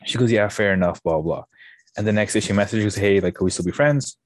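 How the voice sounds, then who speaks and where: A man's voice: fairly low pitch, fairly quick, no room sound. A young man, a guest on a podcast, tells a story casually, swearing freely and acting out the back-and-forth dialogue. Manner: animated, swearing, acts out quoted dialogue.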